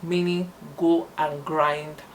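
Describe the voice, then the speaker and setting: A woman giving a spoken language lesson, spelling out letters slowly and explaining example sentences. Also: deep voice, little pitch movement, a little hiss or hum. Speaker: language teacher.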